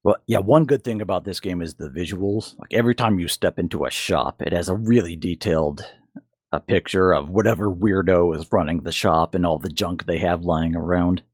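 Deep-voiced blunt man, dry close sound. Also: fairly quick, breathy edge, no room sound. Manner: blunt, opinionated reviewer. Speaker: podcast co-host. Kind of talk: casual chat.

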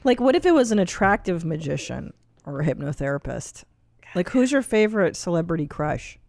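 Teasing woman co-host, lively pitch. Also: fairly quick, creaky, no room sound. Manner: teasing, squeamish reactions, laughs often. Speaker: podcast co-host. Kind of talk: casual chat.

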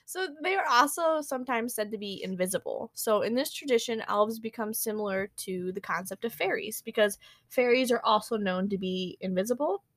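A woman's voice: on the high side, animated, brisk, a bit bright, dry recording. A woman chatting casually as a podcast co-host, filling her talk with "like" and "um" and laughing often. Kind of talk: casual chat.

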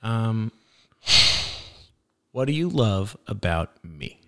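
A young father chatting casually with his little daughter in a playful, gentle, teasing way. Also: on the low side, very animated, slow pace.

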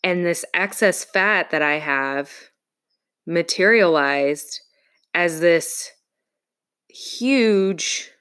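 A woman in casual conversation, telling a personal story in an earnest, reflective way with halting pauses. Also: on the low side, fairly bright tone.

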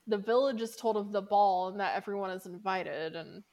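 A woman's voice: medium pitch, moderate pace, a little mellow. A woman co-hosting a podcast in casual chat, retelling scenes and thinking aloud with filler words. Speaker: podcast co-host.

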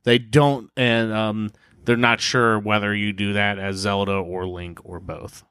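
Smooth, low-voiced male podcaster. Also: little pitch movement, a little slow, a bit bright, no echo. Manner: laid-back, many ums and uhs while explaining a theory. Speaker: podcast co-host. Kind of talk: casual gaming chat.

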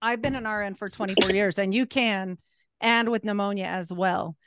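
A woman's voice: medium pitch, normal speed, noisy background. A woman in her forties, a longtime nurse, chatting emphatically at a party. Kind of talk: casual chat.

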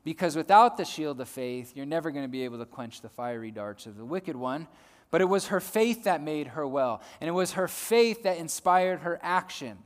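A male preacher giving a sermon, swinging between loud emphasis and soft hushed lines, often repeating words as he builds a point. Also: on the high side, animated, moderate pace. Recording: long hall reverb.

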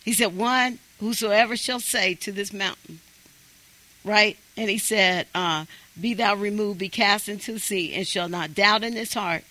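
A man's voice: high voice, measured pace, sharp tone, poor audio. A man preaching a sermon, emphatic and urging his congregation on.

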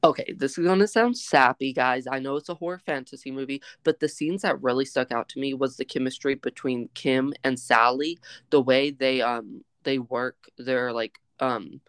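Blunt, animated podcast co-host. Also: mid-range voice, moderate pace, clear, resonant tone, no room sound, clean studio sound. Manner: animated, blunt and swears casually. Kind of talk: casual movie review chat.

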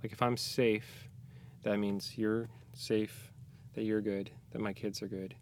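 Weary podcast guest, a man with a lowish voice, soft and halting with dry jokes. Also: little pitch movement, a little hiss or hum. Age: young adult to middle-aged, a parent. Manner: soft-spoken, halting, reflective with joking asides. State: tired. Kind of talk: casual podcast chat. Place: small closet studio.

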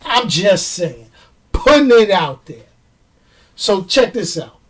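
Slow, ranting middle-aged woman film host. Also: medium pitch, breathy edge, distant mic. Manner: animated, slangy, stretches words for emphasis. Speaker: movie show host.

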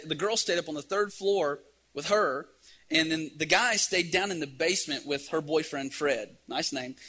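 A middle-aged man preaching a sermon, telling a lively story and acting out the scenes. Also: fairly high pitch. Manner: animated storyteller, acts out scenes.

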